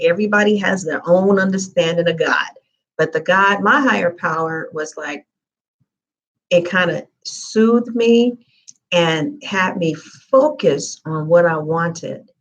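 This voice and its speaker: A woman's voice: on the low side, animated, unhurried, a bit bright, highs cut off. A woman giving a tarot reading in a casual, chatty live-stream manner with lots of fillers. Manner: chatty, conversational, frequent fillers. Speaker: tarot reader.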